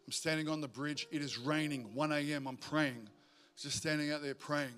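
A male pastor, preaching a sermon in a church in a joking, energetic way. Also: a little high, moderate pace. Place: church auditorium.

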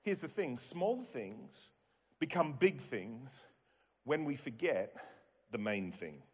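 A man's voice: medium pitch, big pitch swings, takes it slowly, breathy edge. A man with an Australian accent preaching a sermon in a church, emphatic and repetitive with joking asides. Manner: emphatic, repeats key phrases, jokey asides. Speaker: pastor. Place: church auditorium. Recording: long hall reverb in a church.

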